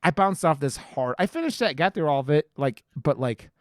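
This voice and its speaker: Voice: mid-range voice, animated, moderate pace, no room sound. Podcast cohost rambling about a movie, lots of restarts, swears a bunch, dry close sound. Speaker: podcast co-host. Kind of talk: casual horror movie review chat.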